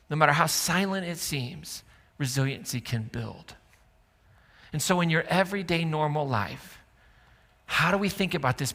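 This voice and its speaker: Man, pastor, sermon, slightly high voice, bright tone, church hall echo. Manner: conversational, joking with the congregation. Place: church auditorium. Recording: church hall reverb with faint music.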